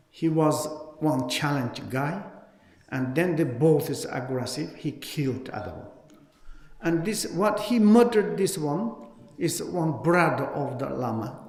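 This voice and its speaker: A man with a Tibetan accent gives a Dharma teaching in broken, non-native English, voicing the people in his stories. He speaks slowly, in a somewhat raised voice. The sound rings through a large hall with a long, roomy reverb. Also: on the high side. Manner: halting non-native English, animated storytelling. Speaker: Buddhist teacher.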